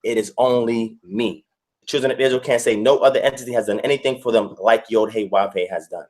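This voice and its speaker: A man's voice: mid-range voice, fairly even intonation, fairly quick, a little mellow. A man giving an online scripture lesson on a video call, going over each point step by step and repeating it for emphasis. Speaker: guest teacher.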